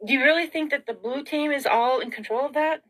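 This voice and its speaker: A woman's voice: high-pitched, a little fast, fairly bright tone, rough recording. A middle-aged woman vlogging in an emotional, rambling monologue, frazzled and tearful, sighing and asking rhetorical questions.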